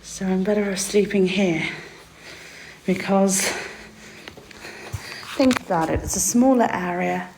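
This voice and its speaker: A woman livestreaming casual chat from a small room in a mosque, quiet and out of breath, half-whispering at times. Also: medium pitch, unhurried, gravelly, long pauses. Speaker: vlogger. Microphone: phone. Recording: noisy phone recording.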